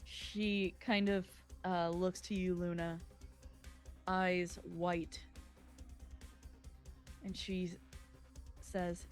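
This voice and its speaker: A woman's voice: on the low side, little pitch movement, drawn-out words, pauses often, soft background music. A woman narrating a tabletop game as game master, describing scenes in detail with small slips.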